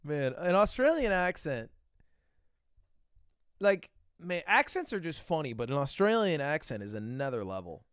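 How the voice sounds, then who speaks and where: A man's voice: on the high side, normal speed, smooth, no room sound, clean studio sound. A man streaming live, chatting casually and reacting to videos with profane jokes. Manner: animated, profane, joking.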